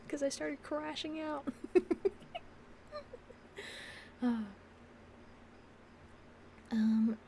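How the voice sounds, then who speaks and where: Giggly woman streamer, slow and soft. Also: on the high side, slight background noise. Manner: giggly, rambling, slips into soft whispers. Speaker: ASMR streamer. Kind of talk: casual chat on a live stream. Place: home streaming desk. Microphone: desk microphone on a stand.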